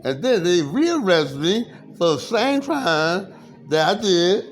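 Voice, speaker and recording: A man with a noticeably high-pitched speaking voice recounts his side of the story at length. His account rambles, and he stumbles and restarts often, repeating phrases as he goes. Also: sing-song, a little hiss or hum. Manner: halting, repetitive, frequent restarts and fillers.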